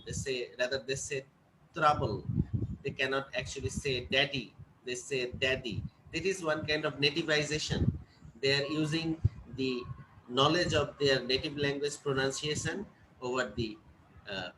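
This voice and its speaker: A man's voice: medium pitch, moderate pace, noisy background. A man lecturing a class, often repeating points and checking that students follow. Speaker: teacher.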